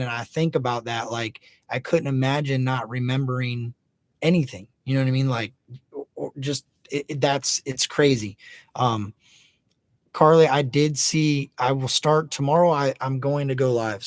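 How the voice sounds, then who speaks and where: A man's voice: mid-range voice, no echo. A man in his thirties hosting a casual livestream, chatting loosely and hyping up viewers by name. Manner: laid-back, hypes up viewers by name. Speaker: livestream host.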